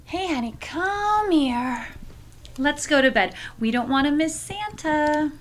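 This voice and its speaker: A woman's voice: sits high, animated, slow pace. An actress playing the mother of a naughty little boy, speaking in a matter-of-fact way in a comedy sketch.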